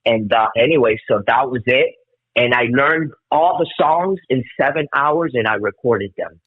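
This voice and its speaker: Man in his fifties, from Cuba, excitable storyteller, swears freely, husky voice, tinny phone line. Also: mid-range voice, normal speed, no echo. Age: 50s. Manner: excitable, rambling, swears a lot. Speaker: guest musician. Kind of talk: casual storytelling interview.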